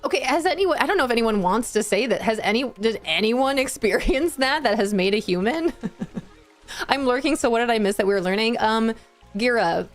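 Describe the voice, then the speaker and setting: Giggly woman streamer chatting with chat, kinda high voice, faint game music behind. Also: lively intonation, normal speed. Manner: giggly and bubbly, laughs often, chats with viewers. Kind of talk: casual live-stream chat.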